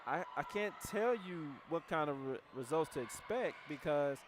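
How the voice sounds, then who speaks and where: With background noise behind him, a team leader gives a motivational training talk in an expressive, somewhat high voice at normal speed. He's blunt and direct, telling his team how to handle calls.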